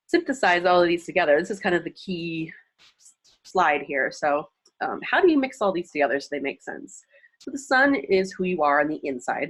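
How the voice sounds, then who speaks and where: A woman teaching from slides in a chatty, casual way, laughing often and jumping up in pitch for emphasis. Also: a bit bright, breathy edge. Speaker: astrology teacher. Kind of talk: casual slide-based lesson.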